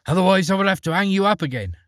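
A man's voice: sits high, animated, racing, a bit bright, no echo, clean studio sound, voice pushed up. A man voicing a naive, fearless young man in a storybook reading, speaking in an earnest, plain way.

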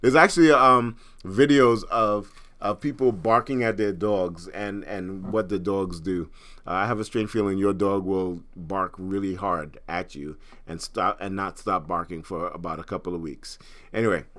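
This podcast host, a middle-aged Trinidadian man, speaks in a fairly low, somewhat bright voice. He rambles casually and often starts his sentences over.

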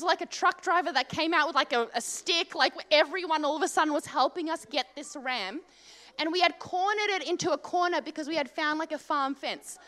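A woman telling a funny personal anecdote in a casual, animated way, peppered with "like" and comic asides. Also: high voice. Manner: animated, comic, lots of fillers like "like". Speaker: storyteller.

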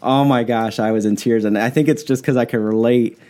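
Man, podcast chat, mellow warm tone, mid-pitched, laughs through his stories. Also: brisk. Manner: laughing, animated storyteller. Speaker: podcast co-host.

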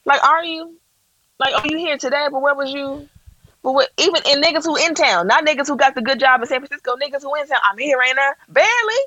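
A woman's voice: high-pitched, fairly even intonation, fast talker, pushed and bright, dry recording, lo-fi sound. A woman co-hosting a casual chat, blunt and profane in her opinions. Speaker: podcast co-host.

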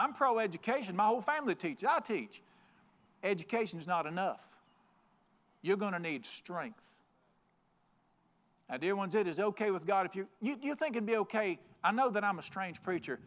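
A man's voice: high voice, fairly bright tone. A man preaching a folksy, joking, emphatic sermon. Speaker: pastor.

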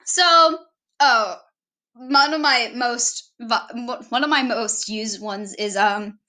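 A woman's voice: on the high side, slow, sharp tone. A woman giving a casual, rambling self-introduction on her vlog, often correcting herself mid-sentence.

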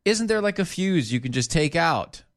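A man's voice: fairly high pitch, lively intonation, moderate pace. A man co-hosting a podcast in casual chat, long-winded and playful. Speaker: podcast co-host.

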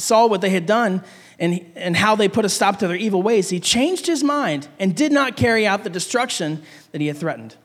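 A man with a fairly high voice preaches and reads scripture to his congregation, now and then stumbling and repeating himself. His voice carries a long reverb from the church hall around him. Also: breathy edge. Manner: stumbling, repeats words while reading aloud. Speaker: pastor. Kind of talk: sermon with scripture reading.

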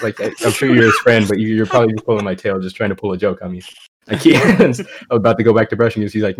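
A young man with a fairly low voice co-hosts a podcast. He tells a story slowly and laid-back, rambling with amused asides. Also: a little hiss or hum. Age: young adult. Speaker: podcast co-host. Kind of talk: casual storytelling.

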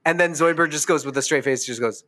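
A man's voice: on the high side, fast talker. A man co-hosting a podcast in casual chat, animatedly retelling scenes and acting out quotes. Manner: animated storyteller, acts out quotes. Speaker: podcast co-host.

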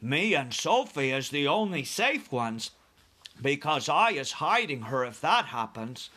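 Gentle storybook giant, slow and good-natured, odd grammar, man voicing. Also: a little high, sing-song, full character voice. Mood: amused. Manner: slow, drawling, jumbled words. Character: big friendly male giant, mangled grammar.

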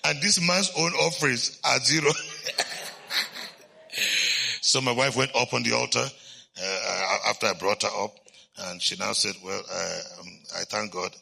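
A man preaching a storytelling sermon as a bishop, animated and laughing, swinging from hushed to loud. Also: medium pitch, moderate pace, gravelly, slightly rough.

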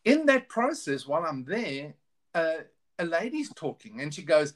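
A man's voice: a little high, big pitch swings, a little slow. A middle-aged man telling his story candidly in a casual interview, often restarting his sentences. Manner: earnest, candid, with many restarts. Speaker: guest.

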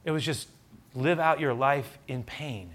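Brief: male pastor, casual conversational sermon, medium pitch, chatty asides. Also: unhurried, fairly bright tone. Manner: conversational preaching, asides and rhetorical questions.

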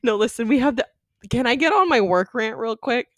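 Fairly high-pitched and fairly quick, a young woman co-hosting a podcast animatedly relates stories from work in a casual conversation. She laughs often and swears, and there's no room sound.

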